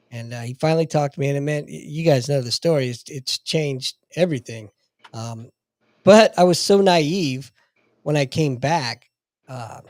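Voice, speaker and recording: A man's voice: mid-range voice, darkish tone, dry recording, studio quality. A man hosting an interview, chatting casually and making joking asides. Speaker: host.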